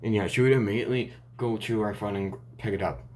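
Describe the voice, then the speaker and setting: A man's voice: on the low side, steady tone, fast, a little mellow, a little hiss or hum. A man improvising a fan story aloud, rambling and restarting often between lines.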